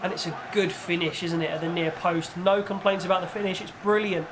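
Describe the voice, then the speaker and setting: High-pitched and fairly quick, a young man's voice delivers casual, exasperated play-by-play on his own football video game, with background noise around him. This gaming YouTuber is animated and keeps breaking into pleading outbursts.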